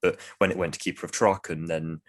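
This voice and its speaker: A man chatting casually on a podcast, giving measured, hedging opinions. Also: low voice, level tone. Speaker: podcast co-host. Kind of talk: casual review chat.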